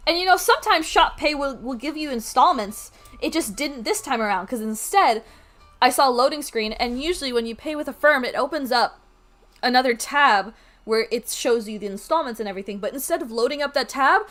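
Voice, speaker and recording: A woman streamer telling a story to her chat at home, animated, swearing freely and laughing as she goes. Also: fairly high pitch. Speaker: art streamer.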